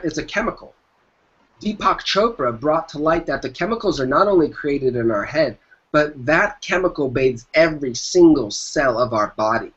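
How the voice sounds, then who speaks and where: A man's voice: on the high side, fairly bright tone. A man guest in an interview, giving motivational business advice in an emphatic way and repeating his key phrases. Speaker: entrepreneur guest. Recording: dull lo-fi sound.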